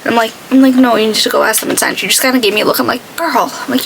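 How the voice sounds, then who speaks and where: A woman's voice: a little high, fairly even intonation, very fast, vocal fry, a bit bright, a little hiss or hum, rough recording. A woman beauty vlogger chatting casually while she does her makeup, telling stories and acting out what other people said. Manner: chatty storytelling, acts out quoted people.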